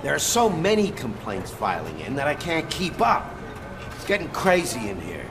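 A harried police desk clerk. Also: male voice, on the high side, wildly swooping pitch, moderate pace, noisy background. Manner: harried and pleading. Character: overwhelmed male desk clerk at a police station.

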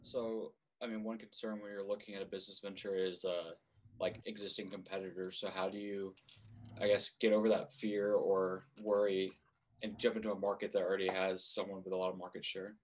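A man's voice: deep voice, little pitch movement, brisk, low-quality recording. A young man asking a question in class, hesitant.

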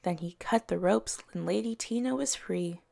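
A woman educator reading picture books aloud for young children at story time, slow and expressive, with soft voices for the characters. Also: medium pitch, vocal fry. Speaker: early years educator.

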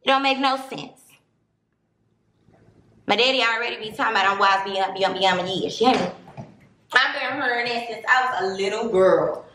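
A Southern US vlogger in her late twenties delivers a casual, blunt and preachy monologue straight to her viewers. Her medium-pitched voice is bright and forceful at a moderate pace with long pauses, recorded in a very echoey room on a distant mic with faint noise.

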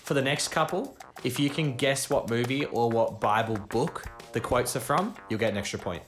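A man acting as quizmaster and reading out quiz questions in a calm, measured way. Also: mid-range voice, roomy sound, soft background music.

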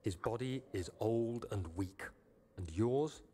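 A man's voice: on the low side, takes it slowly, dark tone, slight background noise. An actor playing a man leaving a solemn, urgent farewell message to his future self in a horror game. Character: grave man recording a farewell to himself.

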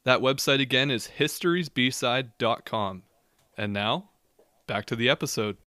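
A man's voice: medium pitch, moderate pace, heavy background noise. A male podcast co-host who chats casually, asks questions and cracks quips, and who also reads the show's promos.

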